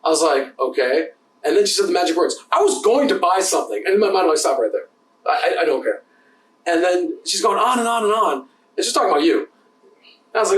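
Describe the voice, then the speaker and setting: A man co-hosting a podcast, telling bartending stories in a fast, profane, casual way. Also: high-pitched, sing-song, a bit bright, recorded from a distance. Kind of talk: casual chat. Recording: roomy sound from off-mic.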